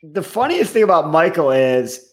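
A man with a voice on the high side that rises and falls a lot as he talks. He gossips and jokes sarcastically with his co-hosts in casual chat. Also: sing-song, normal speed. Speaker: podcast co-host.

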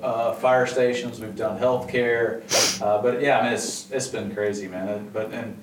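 A man talks easily about his business and keeps breaking into a chuckle. He sits back from the mic, so his voice comes through with an echoey room sound, and steady noise hums underneath. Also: medium pitch, normal speed, distant mic. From Augusta, Georgia, US. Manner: laid-back, chuckling storyteller. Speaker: restaurant owner guest. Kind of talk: casual podcast interview. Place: studio.

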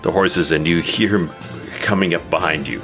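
A man narrating as game master of a tabletop game, relaxed and often chuckling. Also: low voice, normal speed, soft background music.

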